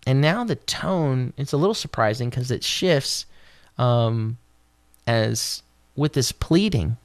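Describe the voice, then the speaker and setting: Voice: takes it slowly, no room sound. A Bible teacher giving a devotional talk, who explains Hebrew words along the way and lifts the voice to act out scripture quotes. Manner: expressive, voices scripture quotes with raised pitch.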